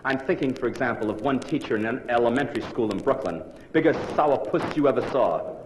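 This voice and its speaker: A man's voice: medium pitch, brisk, a little hiss or hum. A man in his forties, a psychologist giving a theatrical, punchline-driven comic lecture to a live audience. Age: 40s. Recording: roomy live hall on early 1960s vinyl. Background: audience laughter.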